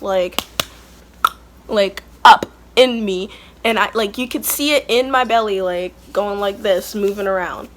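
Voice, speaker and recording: A young woman vlogger tells a candid storytime at home with kids nearby, speaking chattily with lots of "like" and blunt asides. Her voice is a little high and a bit bright.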